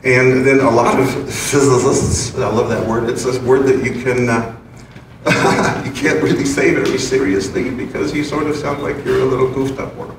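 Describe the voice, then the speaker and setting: A man's voice: mid-range voice, steady tone, moderate pace, creaky. A man giving an informal spiritual talk to an audience, playful and chuckling as he explains his points. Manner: playful and chuckling, with casual asides. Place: large room with an audience. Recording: very echoey room, distant mic, background noise.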